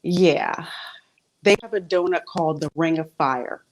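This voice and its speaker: A woman's voice: low voice, a little slow. A woman hosting a casual livestream chat, informal and laughing often. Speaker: livestream host.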